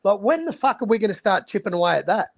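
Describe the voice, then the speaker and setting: Brief: Australian man, high and gravelly voice, ranting and swearing. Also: very animated, fast talker, dry recording. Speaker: stream host. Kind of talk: casual chat.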